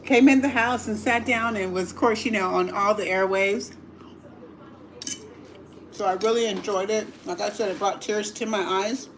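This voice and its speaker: A woman's voice: medium pitch, normal speed, slight background noise. A middle-aged woman chatting casually to her livestream viewers while eating dinner at home, laughing often and murmuring as she tastes the food. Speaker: livestream cooking host. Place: home dining table.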